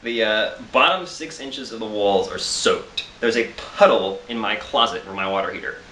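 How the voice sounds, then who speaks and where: A man's voice: lowish voice, moderate pace, bright, forceful tone, roomy sound, a little hiss or hum. A tired man telling a rambling, self-amused story in a casual vlog, with frequent laughs and restarts. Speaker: vlogger.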